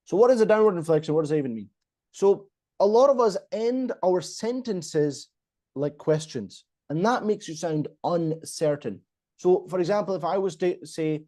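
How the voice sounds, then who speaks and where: A man's voice: fairly high pitch, expressive, moderate pace, warm tone. A man, a public speaking coach explaining techniques emphatically as a podcast guest. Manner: emphatic, explanatory, acts out examples. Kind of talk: conversational teaching on a podcast.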